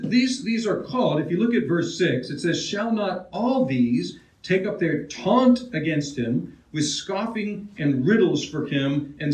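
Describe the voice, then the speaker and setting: A man preaching an expository sermon in a conversational way, often restarting phrases and asking his listeners questions. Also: fairly high pitch. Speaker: pastor. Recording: roomy, heard from a distance.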